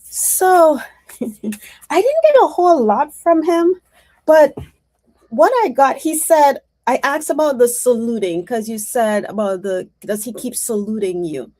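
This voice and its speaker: A woman's voice: on the high side, expressive, measured pace, a little mellow. A woman psychic reader giving a casual mediumship reading, rambling and chatty with many restarts.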